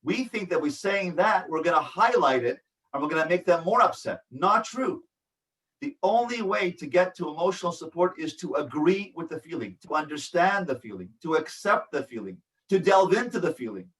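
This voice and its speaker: A man's voice: on the high side, lively intonation, moderate pace, fairly bright tone, far from the mic, rough recording. A man, a rabbi, teaching a workshop in an earnest, repetitive way and acting out examples. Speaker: rabbi and family educator. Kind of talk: workshop lecture.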